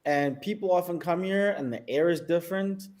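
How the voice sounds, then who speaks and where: Animated South African man telling stories. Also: high voice, normal speed. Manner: animated storyteller who laughs often. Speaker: guest videographer. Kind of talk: casual interview chat.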